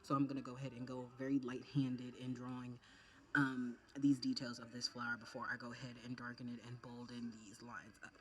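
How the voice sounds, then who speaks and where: A young woman chatting casually through a makeup tutorial, animated and calling her viewers baby and honey. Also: a bass voice, fairly quick. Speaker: makeup creator.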